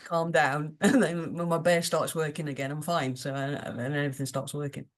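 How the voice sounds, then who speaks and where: A woman's voice: deep voice, little pitch movement, brisk, slight background noise. A British woman, a podcast guest, chatting casually in a rambling, earnest way with many restarts. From United Kingdom.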